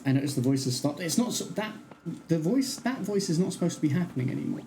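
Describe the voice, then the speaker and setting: A man's voice: on the high side, animated, fast, creaky, dark tone, rough recording. A young man chatting casually while streaming a game, laughing easily as he plays. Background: game music.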